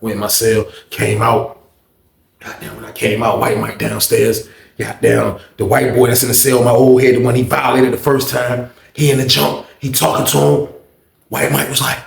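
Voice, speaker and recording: A man telling a story in a casual, animated, profane way, full of repetition. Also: mid-range voice, normal speed, creaky, roomy sound.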